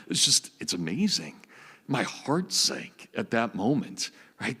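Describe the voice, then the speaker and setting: A man's voice: medium pitch, sing-song, takes it slowly, bright, forceful tone, breathy edge. A man in his fifties giving a public lecture, telling anecdotes with enthusiasm. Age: 50s. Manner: enthusiastic storyteller. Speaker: guest lecturer. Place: auditorium. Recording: long auditorium reverb.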